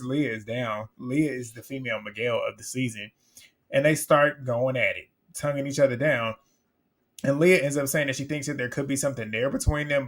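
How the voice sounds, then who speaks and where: A man recapping a reality dating show in casual commentary, blunt and animated, laughing often. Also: mid-range voice.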